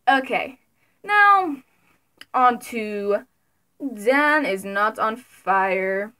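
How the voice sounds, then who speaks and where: A young woman vlogging casually about her favorite creators, giggly and excitable, with sudden loud bursts. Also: a little high, very slow, pauses often. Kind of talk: casual fan commentary.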